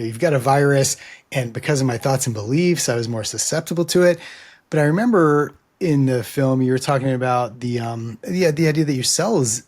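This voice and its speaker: A podcast host interviewing a guest, speaking in a measured, thoughtful way with filler ums. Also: mid-range voice, a little mellow. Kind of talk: interview conversation.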